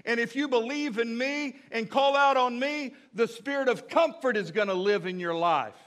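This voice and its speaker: An earnest Jesus promises comfort to his followers, in a preacher's voice. The tone is high, quick and reassuring. It stays close to the preacher's own sermon delivery. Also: fairly bright tone.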